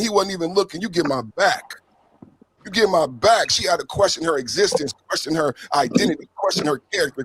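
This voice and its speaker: A man co-hosting a talk show, giving emphatic, mocking commentary that swings between loud bursts and low asides. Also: husky, rough recording. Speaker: podcast co-host. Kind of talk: animated commentary.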